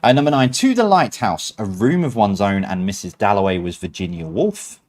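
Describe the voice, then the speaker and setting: A man's voice: lowish voice, expressive, moderate pace, a little mellow. A man hosts a quiz night over a stream. He reads each answer in a chatty, easygoing way. He breaks off now and then with self-mocking remarks. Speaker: quiz host.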